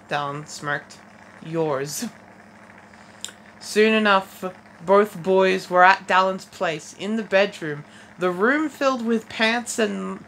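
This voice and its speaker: A woman's voice: mid-range voice, fairly bright tone, low-quality recording. A teenage girl reading fanfiction aloud in a casual way, stumbling and restarting, with wry comments between passages. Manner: reads haltingly with restarts and wry asides. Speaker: fanfiction reader. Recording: faint background noise.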